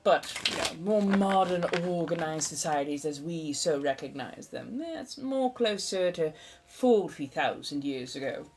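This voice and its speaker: A woman's voice: low voice, animated, measured pace, background noise. A woman in her forties hosting a livestream in a put-on old-fashioned American accent, theatrical, flowery and chatty, calling viewers darling. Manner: talkative chatterbox. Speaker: livestream host.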